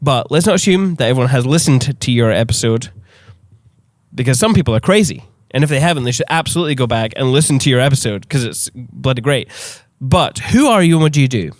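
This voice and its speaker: A man hosting a podcast in casual chat, excitable, swearing freely and laughing often. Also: mid-range voice, fast, no room sound, studio quality. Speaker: podcast host.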